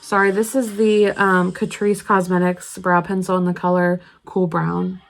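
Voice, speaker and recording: A woman's voice: fairly low pitch, level tone, unhurried, vocal fry, low-quality recording. A young woman vlogging casually, rambling through a story while she does her makeup. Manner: rambling, chatty, lots of fillers. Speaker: beauty vlogger.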